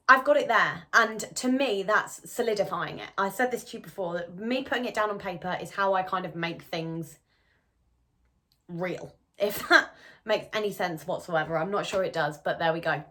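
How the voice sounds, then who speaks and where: A woman's voice: medium pitch, sharp tone. A woman in her twenties talking casually to camera at home as a lifestyle vlogger, chatty and rambling with plenty of restarts. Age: 20s.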